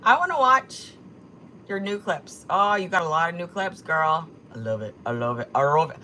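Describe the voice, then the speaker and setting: A woman's voice: fairly low pitch, expressive, moderate pace, sharp tone, a little hiss or hum. A woman hosting a casual livestream, reading chat comments aloud and mocking them with plenty of swearing. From Korea. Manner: sassy, mocking, swears a lot. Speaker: livestream host.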